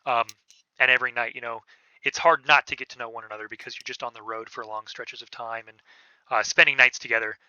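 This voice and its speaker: A man narrating a tabletop game as game master, in a casual, halting way with many fillers. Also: mid-range voice, steady tone, bright, forceful tone, no echo. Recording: dull, lo-fi podcast audio.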